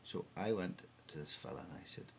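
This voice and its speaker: A man with a Northern Irish accent telling a tall tale in a dry, lively way. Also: low-pitched, a little fast, creaky, a little hiss or hum. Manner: lively, dry storytelling with voices for characters. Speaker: storyteller.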